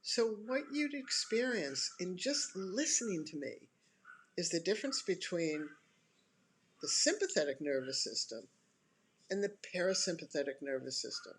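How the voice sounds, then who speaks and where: A health educator giving an instructional talk to an online audience, calm and deliberate, explaining point by point with emphatic pauses between phrases. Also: mid-range voice, a little hiss or hum.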